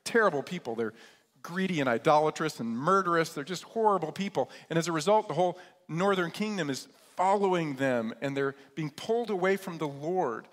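A man's voice: fairly high pitch, fairly quick. Man preaching in a reverberant hall. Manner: lively storytelling, retells scripture in casual modern terms. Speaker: pastor. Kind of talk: sermon.

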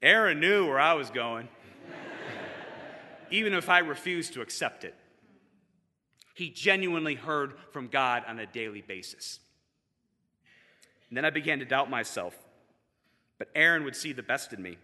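Man, eulogy in a large hall, bright tone, emphatic swells. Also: medium pitch, moderate pace, pauses often. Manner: animated, building to emphatic peaks. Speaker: seminary student giving a eulogy. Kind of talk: memorial tribute speech. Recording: long hall reverb.

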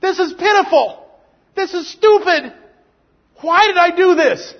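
A man's voice: very high-pitched, expressive, a little slow, long reverb tail, pitched above the performer's own voice, full character voice. A man voicing the prodigal son, a despairing young man questioning himself in anguish, on a dull lo-fi recording. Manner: anguished, pleading self-questioning.

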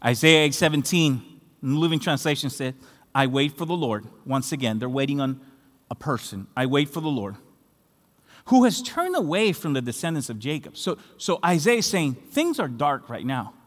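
Pastor, man from Latin America, higher voice, impassioned sermon delivery, long hall echo. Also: sing-song, normal speed. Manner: passionate preaching, rising to shouts on key phrases.

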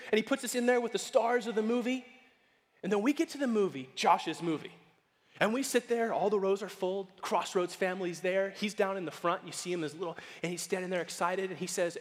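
A man preaching a sermon as pastor, animated and playful, acting out quoted voices as he goes. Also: high-pitched, quick pace. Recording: long hall reverb.

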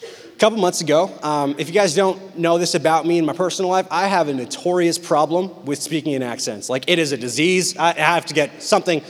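A man with a fairly high voice delivers an animated, humorous sermon to a youth group, hamming up quoted lines for laughs. His voice rings with a long reverb off the walls of a big hall. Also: a little fast. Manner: animated, joking, acts out quotes. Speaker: youth pastor. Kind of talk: storytelling sermon to teens.

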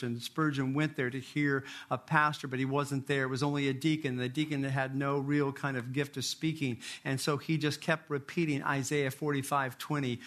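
A pastor preaching a sermon and closing in prayer, earnest, slowing down to stress key points. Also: male voice, medium pitch, a bit bright.

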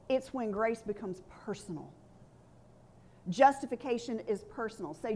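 A woman's voice: a little high, animated, moderate pace, a little mellow, breathy edge. A woman pastor preaching a sermon in an earnest, conversational way, leading the congregation in call-and-response.

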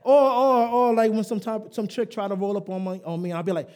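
A male preacher with a strikingly high voice delivers a live sermon. He is emphatic, swells into shouts, and leads the congregation in call and response with playful asides. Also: steady tone, brisk.

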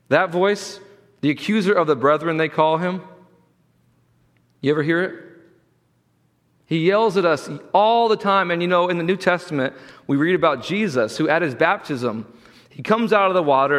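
A man preaching a sermon as pastor, earnest, swinging from loud pleas to quiet, hushed lines. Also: fairly high pitch, long reverb tail. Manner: earnest preaching, rising loud for quoted voices, dropping quiet.

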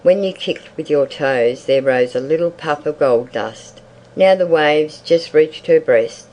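A reader narrating a literary short story in a measured, even audiobook style. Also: mid-range voice, low-quality recording.

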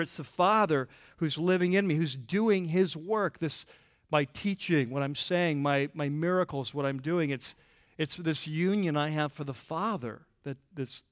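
A man preaching a sermon in a church with a higher-than-usual voice. He talks conversationally, stumbling over restarts and filler words. The sound is close and dry. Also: no echo. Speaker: pastor.

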